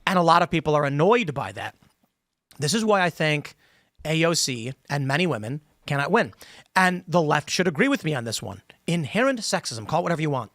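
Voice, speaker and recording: A man's voice: a little high, sing-song, brisk, fairly bright tone, dry recording. A man hosting a panel podcast, opinionated and explanatory, talking at length around a studio table. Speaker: podcast host. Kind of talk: casual panel discussion. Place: studio table with other hosts.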